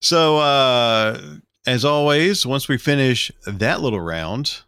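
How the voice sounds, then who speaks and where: Man podcast host, swoops up and down in pitch, playful, dry close sound. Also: takes it slowly, smooth, no echo. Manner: lively, playful, shifts pitch a lot. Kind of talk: casual chat.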